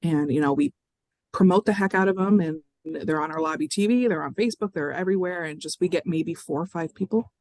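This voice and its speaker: A woman's voice: on the low side, a little fast, darkish tone, dry recording. A woman from library staff asking for advice in a roundtable discussion, chatty and filling her talk with "like" and small laughs. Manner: chatty, many "like" fillers, laughs while talking.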